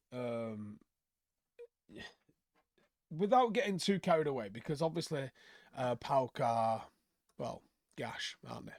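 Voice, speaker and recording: A man's voice: a little high, no echo, studio quality. Chatty man reviewing a match. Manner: chatty, many fillers and restarts. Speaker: football channel host.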